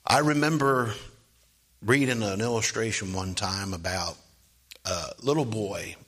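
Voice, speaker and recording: A man preaching a sermon, moving from quiet asides to loud, rising preaching and asking "Amen?". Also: low-pitched, measured pace, breathy edge.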